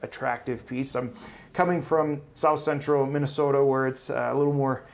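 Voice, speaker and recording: A man's voice: medium pitch, steady tone, normal speed, creaky. A man in his forties from South Dakota, a hospital CEO talking in a casual interview in an upbeat, humble way.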